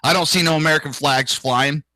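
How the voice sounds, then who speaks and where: A man's voice: a little high, a little fast, bright, forceful tone, dry recording, low-quality recording. Brash, profane ranting man. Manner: crude, profane, indignant; mocking voices of others. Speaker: political talk show host. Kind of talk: ranting solo commentary.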